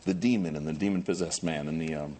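A man preaching a sermon as pastor, animated, moving from quiet asides to loud emphatic questions. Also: a bass voice, quick pace.

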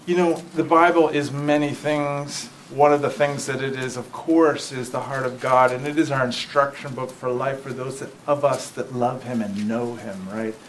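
A man preaching a sermon in a relaxed, conversational manner, often turning to the listeners to check they follow. His voice sits at an ordinary middle pitch. There is a faint hiss of noise in the background. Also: low-quality recording. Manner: reads scripture aloud slowly and with feeling.

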